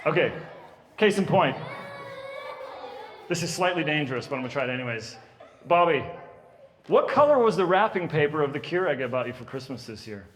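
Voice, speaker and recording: A man in his thirties doing stand-up comedy at a birthday party, telling stories about his kids with lively, animated delivery. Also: a little high, brisk, pauses often, big-room sound. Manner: animated storytelling, puts on kids' voices.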